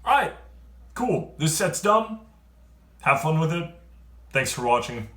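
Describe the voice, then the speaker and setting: A man giving a casual, excitable card-game review, rambling and trailing off quieter at the ends of thoughts. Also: on the high side, slow. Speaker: card game video creator. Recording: roomy echo.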